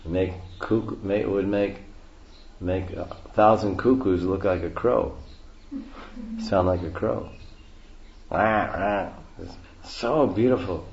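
A man's voice: low-pitched, fairly even intonation, slow, gravelly, long pauses, darkish tone, slight background noise. A man giving a devotional lecture, explaining verses and repeating key phrases. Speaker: spiritual teacher. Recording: roomy, dull lo-fi recording.

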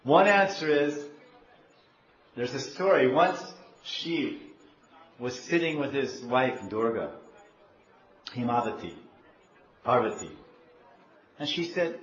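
A male preacher tells a devotional story in an animated way, repeating phrases and quizzing his listeners. His voice sits mid-pitched in a dull, echoey recording with a faint hiss. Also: slow, long pauses. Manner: animated, repeats himself, asks the audience questions.

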